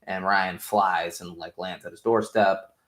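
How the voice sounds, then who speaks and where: A young man casually recapping a show, rambling and swearing with excitement. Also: deep voice, a little slow. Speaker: podcast host. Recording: roomy echo.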